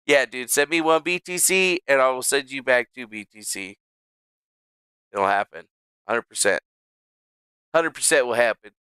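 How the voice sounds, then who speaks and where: A man chatting through a live stream in an unhurried, drawn-out way, cursing freely and muttering before breaking into loud exasperated yelps. His voice is bright and crisp, recorded close and dry. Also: medium pitch, no echo. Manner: profane, muttering, bursts into loud exasperated outbursts. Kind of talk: casual live-stream talk to himself and chat.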